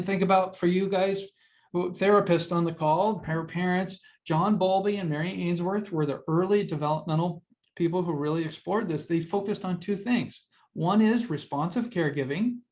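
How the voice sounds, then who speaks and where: Older webinar speaker, plain mid-pitched voice, earnest teaching manner, peppers the talk with rhetorical questions. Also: a little mellow. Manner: earnest and conversational, addresses listeners directly. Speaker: webinar presenter on mental health. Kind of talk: educational webinar lecture.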